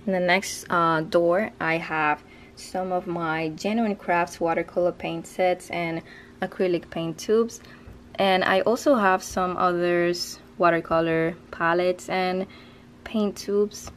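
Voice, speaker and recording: A woman with a somewhat low speaking voice gives a relaxed, rambling tour of her home craft studio. She talks loosely and restarts her sentences. A faint ambient hum sits under her voice. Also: slow. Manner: chatty, loose, with fillers and restarts. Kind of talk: casual home tour narration.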